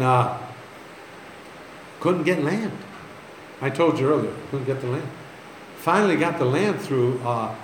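A man's voice: medium pitch, slight background noise. A man telling stories as a pastor in a sermon, folksy and joking, laughing at his own stories. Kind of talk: sermon storytelling. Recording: echoey room, faint ambience.

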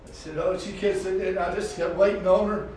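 Male pastor, folksy sermon testimony, high voice, far off in a roomy echo. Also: steady tone, fast, a little hiss or hum. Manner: folksy storytelling, rising to shouts. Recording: echoey room heard from afar.

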